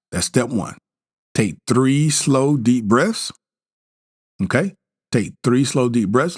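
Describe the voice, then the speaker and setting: A man hosting a podcast, talking listeners through a bedtime self-help practice in a slow, gentle, repetitive way, with restarts and fillers. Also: medium pitch, no echo, studio quality. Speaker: podcast host. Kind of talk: guided self-help talk.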